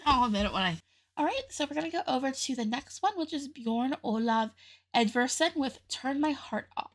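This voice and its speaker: A woman's voice: sits high, lively intonation, brisk. A young woman hosting a casual music reaction video, chatty and openly emotional, often laughing as she talks.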